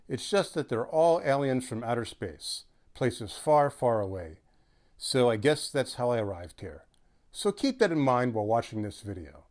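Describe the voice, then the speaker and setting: A man delivers an astrology talk as a comic monologue, dry and wisecracking. His pitch sits in a middle register but swings up and down a lot. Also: darkish tone. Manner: sardonic, wisecracking. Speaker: guest astrologer.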